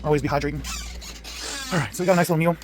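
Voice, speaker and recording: A young man rambles through a casual vlog in quick, tumbling bursts. His voice sits a little high for a man, and there's clear noise behind him the whole time. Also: steady tone. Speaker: vlogger.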